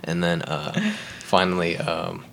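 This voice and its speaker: A young man, a podcast guest, telling a school story in a casual, animated way, acting out the people in it and laughing often. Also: deep voice, unhurried, gravelly. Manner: animated, acts out quotes, laughs often, says "like" and "right?".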